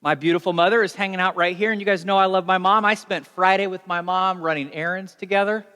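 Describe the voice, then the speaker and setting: A young adult man preaching a sermon as pastor, telling stories in a conversational, animated way. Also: high voice, fast, clear, resonant tone. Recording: long reverb of a large hall.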